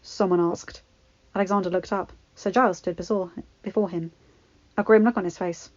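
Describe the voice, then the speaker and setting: A woman reading fan fiction aloud in a steady, expressive storybook narration. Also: medium pitch, brisk, dry recording, muffled recording.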